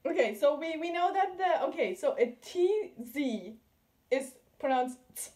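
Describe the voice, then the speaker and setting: A woman's voice: high-pitched, animated, unhurried, darkish tone. A young woman hosting a casual vlog, patiently correcting pronunciation and giggling often. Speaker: host teaching German words. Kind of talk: casual chat.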